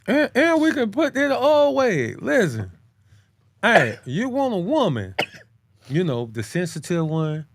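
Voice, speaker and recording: A man co-hosting a casual chat, talking in slang, calling his listener bro, and jumping up in pitch to press his points. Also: measured pace, a little hiss or hum. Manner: animated, swings his pitch high when making a point. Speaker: podcast co-host.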